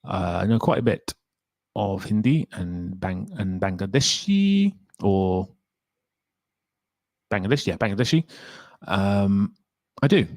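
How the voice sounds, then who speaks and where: A man hosting a livestream, answering chat questions in a relaxed, rambling way and laughing often. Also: on the low side, slow pace, pauses often, dry recording. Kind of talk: casual chat.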